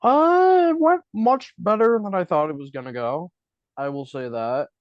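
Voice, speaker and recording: A man's voice: high voice, normal speed, no room sound. A man with a Buffalo, New York accent, co-hosting a podcast in casual chat and hedging a lot as he talks. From Buffalo, New York, USA. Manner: rambling, hedging with lots of fillers. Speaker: podcast co-host. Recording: dry, slightly dull lo-fi sound.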